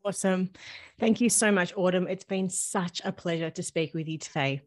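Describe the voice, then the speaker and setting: A woman's voice: on the low side, moderate pace. A woman with an Australian accent hosts a podcast interview in an upbeat, enthusiastic way. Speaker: podcast host. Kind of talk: casual interview chat.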